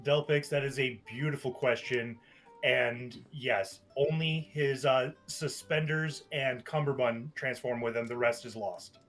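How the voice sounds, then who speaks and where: A man playing in a tabletop game, answering viewer questions in a relaxed, casual way. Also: medium pitch, unhurried, faint music behind. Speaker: player. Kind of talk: casual banter.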